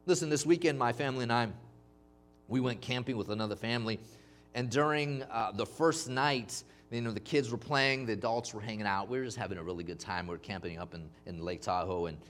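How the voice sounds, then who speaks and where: A man preaching a sermon, emphatic, calling on the congregation to respond. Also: mid-range voice. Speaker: pastor.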